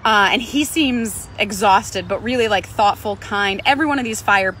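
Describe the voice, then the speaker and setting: A woman's voice: medium pitch, moderate pace, a bit bright, slight background noise. A woman, a Pilates instructor, telling a personal story in a conversational way, acting out other people's lines.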